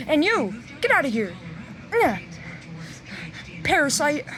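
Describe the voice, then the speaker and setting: A woman acting out a plush toy story, switching between many character voices with excited shouted sound effects. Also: high-pitched, measured pace, long pauses, background noise. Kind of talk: playful toy role-play narration.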